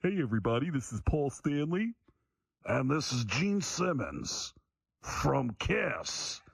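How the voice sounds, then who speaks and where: A male comedian impersonating a flamboyant male rock-star frontman who makes a slow, drawn-out showman's announcement over a ship's speakers. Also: mid-range voice, very animated, vocal fry, husky, no room sound, exaggerated voice. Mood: grandiose. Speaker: comedian doing an impression.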